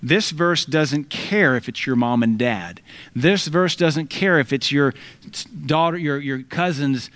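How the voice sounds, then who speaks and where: A man's voice: a little high, measured pace, a bit bright. A middle-aged man preaching a sermon, emphatic and quoting scripture, now and then mimicking voices for effect.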